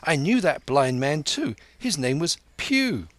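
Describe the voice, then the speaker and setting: A man voicing an earnest young boy in an audiobook, lifting his voice higher. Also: big pitch swings, a little slow, no room sound. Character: eager young boy, cabin lad.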